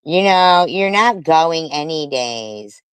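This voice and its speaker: Slow, indignant woman streamer who swears heavily. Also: deep voice, lively intonation, smooth, no room sound. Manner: indignant, swears heavily while reading comments aloud. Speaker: commentary streamer. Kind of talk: livestream commentary.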